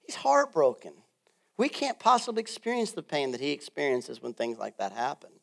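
A male pastor preaching a sermon in a casual, jokey way, swinging from loud bursts to quiet asides. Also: mid-range voice, brisk, gravelly. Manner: animated, swings between loud and soft.

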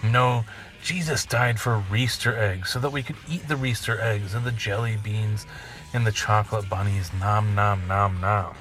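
A man's voice: on the low side, moderate pace, fairly bright tone. A man hosting a podcast, rambling through a crude, jokey monologue and swearing freely. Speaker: podcast host.

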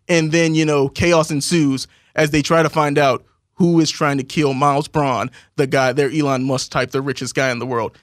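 A man's voice: on the high side, fairly even intonation, moderate pace, dry recording, studio quality. A man with a Southern American accent, co-hosting a casual chat and reviewing movies, chatty, laughing and acting out scenes.

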